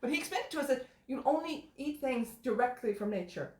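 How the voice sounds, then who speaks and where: A high-pitched woman chatting loosely on a live stream, rambling and laughing between thoughts. She sounds like she is in a kitchen with hard, echoing walls. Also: animated, a little fast. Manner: rambling, laughing often, restarts. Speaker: stream host. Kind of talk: casual chat. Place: home kitchen. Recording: echoey room.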